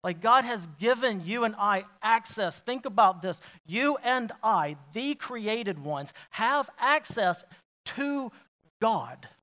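Slow, high-voiced preaching man. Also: animated. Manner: swings from quiet, intimate asides to loud emphatic declarations; asks the congregation repeated rhetorical questions. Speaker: pastor. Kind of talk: sermon.

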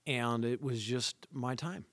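A man telling the story of his conversion to a podcast host in an earnest, animated way, with plenty of fillers. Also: medium pitch, slow, dry recording. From Southern California. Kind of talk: casual conversational testimony.

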